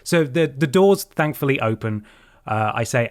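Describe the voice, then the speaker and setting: A man telling a story on a podcast, animated and quick to swear. His voice sits mid-range and sounds dry and close, with no room around it. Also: mid-range voice, no room sound. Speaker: podcast host. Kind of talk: casual chat, storytelling.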